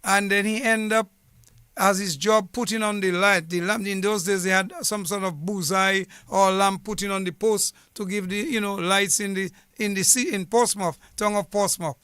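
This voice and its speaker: High-voiced man, clear and earnest. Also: fairly even intonation, normal speed, pushed and bright, no echo. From Dominica. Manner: earnest, formal, discursive. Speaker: guest, former police officer. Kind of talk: radio interview, storytelling. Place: radio studio. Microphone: studio mic with headset.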